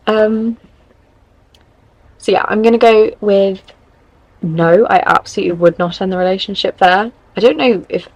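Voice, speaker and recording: A woman's voice: medium pitch, no room sound, poor audio. A tired young woman hosting a podcast, giving frank, rambling advice in casual chat. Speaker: podcast host.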